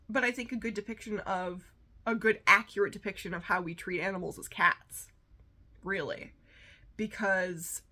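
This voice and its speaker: Woman podcast host, rambling solo chat, sassy, caffeinated, sharp bright tone. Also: mid-range voice, breathy edge. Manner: rambling, sassy, lots of fillers. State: amped up on coffee.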